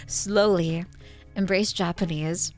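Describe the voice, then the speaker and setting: A woman from the Netherlands with a Dutch accent, chatting casually as a streamer, giggling often and squealing when excited. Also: lowish voice, slow, soft background music. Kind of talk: casual chat.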